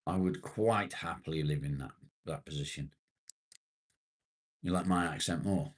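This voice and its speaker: Chatting with his viewers on a laid-back live stream, a British host reads out their comments. His bass voice moves at a measured pace, and he stays relaxed and conversational, with casual swearing mixed in.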